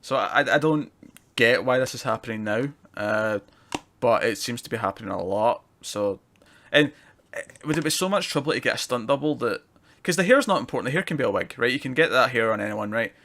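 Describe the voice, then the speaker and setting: A man chats loosely through a TV episode review, rambling between points and laughing often. His voice sits at an ordinary middle pitch. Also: lively intonation, fairly quick, fairly bright tone. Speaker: podcast co-host reviewing TV. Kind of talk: casual review chat.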